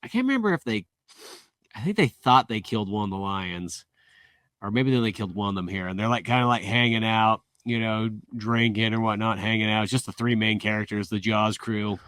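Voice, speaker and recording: A man's voice: lowish voice, fairly quick, a bit bright, dry recording, studio quality. A man co-hosting a podcast, retelling movie scenes in a chatty way, often laughing and restarting his sentences. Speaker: podcast co-host. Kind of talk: casual movie review chat.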